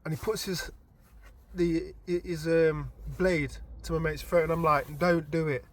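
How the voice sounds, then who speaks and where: A man casually telling a story from his dream as a vlogger, animated and informal, often stumbling and restarting his words. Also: a little high, measured pace. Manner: animated retelling with frequent stammered restarts; informal and chatty.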